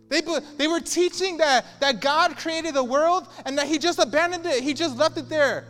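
High-voiced emphatic male pastor. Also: moderate pace, hardly any pauses, fairly bright tone, long reverb tail, soft background music. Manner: emphatic, repetitive preaching with rising intensity. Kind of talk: sermon.

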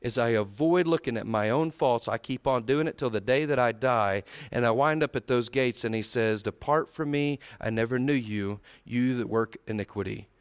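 A man preaching a sermon, swinging from loud acted-out voices down to low, quiet asides. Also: moderate pace, few pauses, clear, resonant tone. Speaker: pastor.

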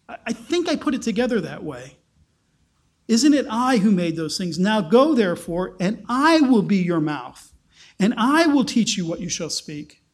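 A man's voice: high voice, big pitch swings, normal speed. A man speaking as God in a Bible retelling, firm and insistent, with a string of rhetorical questions. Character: God, a patient, firm all-powerful male deity.

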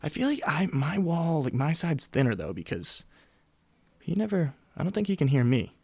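A man's voice: fairly high pitch, big pitch swings, moderate pace, vocal fry, a little mellow, breathy edge, no room sound. A young man hosting a solo podcast in a casual, rambling, self-mocking way, close to the mic. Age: young adult. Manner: rambling, self-mocking, jokey, with sudden whispers and put-on voices. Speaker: podcast host. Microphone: studio mic close up.

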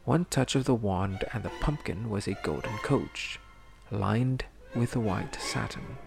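A man reading a fairy tale aloud in a measured, expressive storybook manner. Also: on the low side, gravelly. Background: music.

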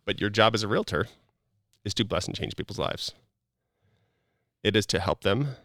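Low, gravelly-voiced man preaching earnestly. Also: animated, moderate pace, pauses often, a bit bright, dry recording, clean studio sound. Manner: earnest and preachy, many "like" fillers. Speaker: guest. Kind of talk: casual motivational podcast talk.

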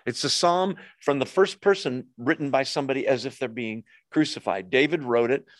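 A male pastor teaching scripture in a relaxed, conversational way, checking in with the audience as he goes. His voice sits in a middle pitch and sounds close and dry, with no room echo. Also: a little fast. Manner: conversational, asks the audience questions. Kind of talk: sermon teaching.

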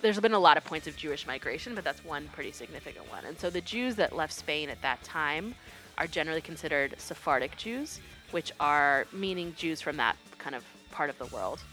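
Woman, podcast co-host, low voice, casual explanatory chat, faint music behind. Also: lively intonation, a little fast, fairly bright tone. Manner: chatty, explanatory, laughs easily.

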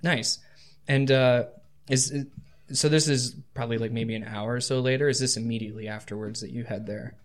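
Even-toned man narrating as game master. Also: mid-range voice, fairly quick. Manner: describes scenes like camera shots, even and level.

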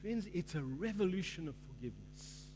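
High-voiced man preaching in a reverberant hall. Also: very animated, moderate pace. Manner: preaching with rising fervor, acts out quoted voices in a parable. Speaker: pastor. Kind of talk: sermon. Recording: long hall reverb, faint mains hum.

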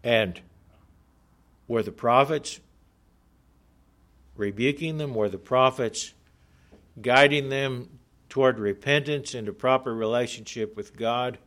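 A man preaching a sermon in a middle-pitched voice. He reads scripture passages and explains them earnestly, leaning on key words and slowing down for emphasis. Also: fairly bright tone. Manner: earnest, emphatic, slows for stress.

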